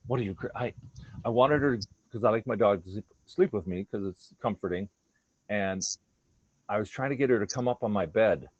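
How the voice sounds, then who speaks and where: A man with a low voice tells stories about his dogs in a relaxed, earnest chat. He sometimes slips into quoted voices for his pets' thoughts. The recording is dull and lo-fi. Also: dry recording. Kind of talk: casual storytelling chat.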